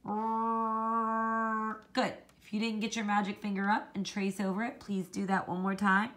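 A woman teaching a children's phonics lesson, slowly modelling letter sounds and encouraging the kids to copy her. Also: mid-range voice, fairly even intonation.

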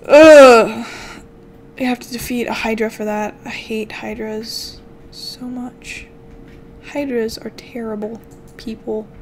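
A woman's voice: a little high, little pitch movement, unhurried, slight background noise. A young woman chatting playfully to herself while commenting on her game as a channel host. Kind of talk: casual gameplay commentary.

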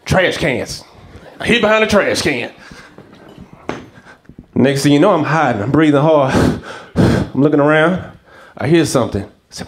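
A man doing a stand-up comedy set onstage, telling stories with lively character voices. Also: on the high side, moderate pace. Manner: animated storytelling, acts out characters. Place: comedy stage before a live audience.

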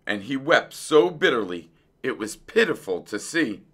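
A man reading a children's picture book aloud in an expressive, unhurried storytelling voice. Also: mid-range voice.

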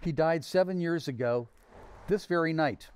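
A man reading aloud, voicing a curt, sarcastic miserly old man, pitched a little above his own voice. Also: normal speed, smooth, lightly acted.

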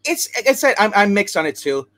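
A man's voice: sits high, sing-song, fairly quick, a crowd in the background. Rambling man chatting about comics. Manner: rambling, many restarts and asides. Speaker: comics show host. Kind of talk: casual chat reviewing comics.

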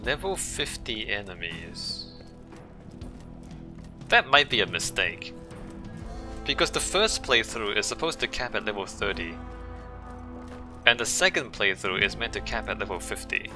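A man giving calm, musing commentary while playing a video game. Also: lowish voice, measured pace, long pauses. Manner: calm, musing, talks to himself. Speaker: gameplay streamer. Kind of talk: casual gameplay commentary. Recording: voice over game music.

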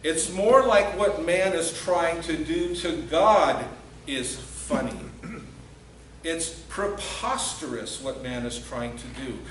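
Male pastor, high voice, unhurried, emphatic sermon delivery, echoey hall recording from a distance. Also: slight background noise. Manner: earnest, emphatic preaching with acted-out quotes. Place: church sanctuary.

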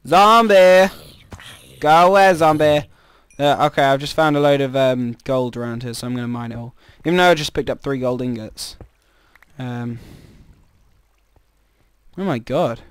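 Guy chatting over his game, mid pitch, dry close mic, keeps yelping oh no. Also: normal speed, clean tone, no echo. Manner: chatty, rambling, jumpy exclamations. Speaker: gamer. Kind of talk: casual gameplay commentary.

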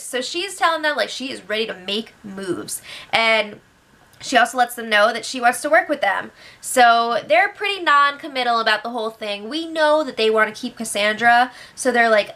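Young woman, casual recap host, gossipy and chatty, bright tone, slightly high voice. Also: expressive, normal speed. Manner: chatty, gossipy, many fillers and acted quotes.

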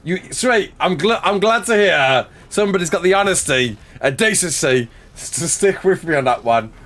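A man's voice: high voice, lively intonation, moderate pace, a bit bright, rough recording. A man streaming a survival game live, chatting casually, laughing often and joking with chat as he builds.

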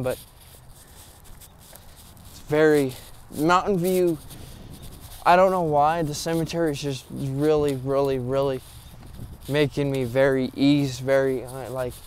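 A man's voice: mid-range voice, a little hiss or hum. A young man vlogging alone from a cemetery at night, nervous and rambling, swearing often and short of breath. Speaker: paranormal vlogger. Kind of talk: casual vlog talk to camera.

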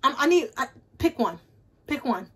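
A woman chatting casually to viewers in a beauty haul vlog, animated and talkative. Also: high-pitched, moderate pace, slightly rough. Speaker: beauty vlogger. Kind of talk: casual haul video chat. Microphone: ring light setup, camera at desk.

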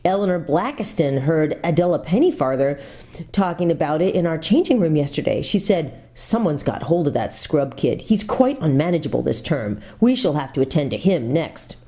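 A woman voicing an upset, sharp-tongued schoolgirl in a storybook reading, with shrill, indignant outbursts. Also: sing-song, moderate pace.

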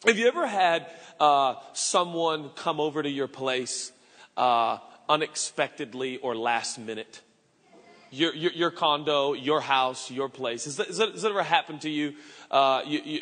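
A man in his forties preaching a sermon, telling a story with stammered restarts and sudden shouted bursts. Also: a little high. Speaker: pastor. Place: church auditorium with live audience. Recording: long reverb of a large hall.

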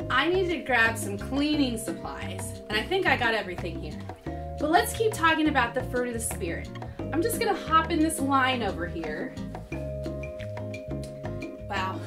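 A woman presenting a children's church lesson, talking in a lively, exaggerated storytelling way and acting out her frustration. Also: fairly high pitch, recorded from a distance.

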